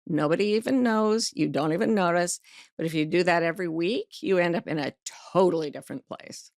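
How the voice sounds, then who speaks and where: A middle-aged woman tells a personal story as a podcast guest. Her voice is low and gravelly, and the close mic sounds dry. She acts out each quoted voice in vivid, blunt, earthy storytelling. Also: fairly quick, a little mellow, no room sound. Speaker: guest author and life coach. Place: podcast studio.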